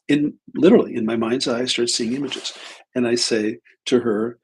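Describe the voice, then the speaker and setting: A man's voice: mid-range voice, fairly even intonation, normal speed, darkish tone, a little hiss or hum, poor audio. A man hosting a livestream as a spiritual teacher, telling a story casually, often breaking off mid-sentence. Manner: rambling, self-interrupting, acts out dialogue.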